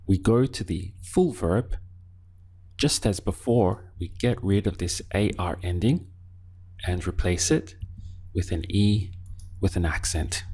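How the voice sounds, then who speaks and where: A man teaching a Spanish lesson, giving patient prompts and leaving pauses for the learner to answer. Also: fairly low pitch, darkish tone, husky. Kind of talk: language lesson.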